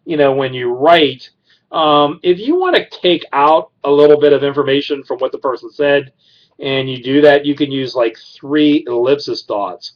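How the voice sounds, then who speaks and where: A man's voice: on the high side, muffled recording. Man lecturing with many fillers. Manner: rambling, many fillers and restarts. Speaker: criminal justice writing instructor. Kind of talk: informal classroom lecture.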